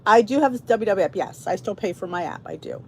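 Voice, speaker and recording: This Philly-accented podcast host, a middle-aged woman from the Philadelphia area, speaks at a quick pace in a mid-range, darkish voice with lively intonation. Her casual, rambling chat to viewers is full of restarts and asides, with slight background noise.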